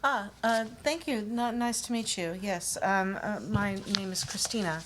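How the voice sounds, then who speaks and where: A woman's voice: mid-range voice, fairly even intonation, unhurried, fairly bright tone, slight background noise, natural voice. A woman voicing a shy young female music graduate student who answers politely with many hesitations.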